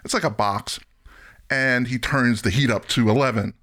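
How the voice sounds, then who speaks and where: Animated male film-review host. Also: medium pitch, normal speed. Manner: animated, laughs often, acts out scenes. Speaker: podcast host. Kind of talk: casual film-review chat.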